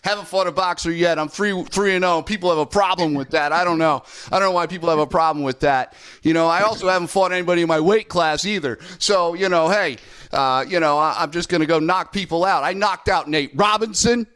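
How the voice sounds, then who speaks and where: A man's voice: a little high, a little fast, a bit bright, clear, resonant tone, natural voice. A man doing a playful impression of a boastful young male celebrity boxer with a swaggering manner. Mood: cocky.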